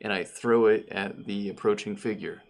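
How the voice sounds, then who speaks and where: A man's voice: on the low side, fairly even intonation, moderate pace, creaky. A man playing a tabletop game, joking around in casual chat. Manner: playful, jokey. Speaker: player.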